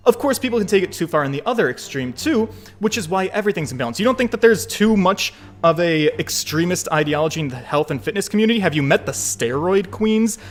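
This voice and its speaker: Over faint background music, a male streamer jokes and swears his way through animated let's-play commentary. His voice is pitched high and swings all over the place.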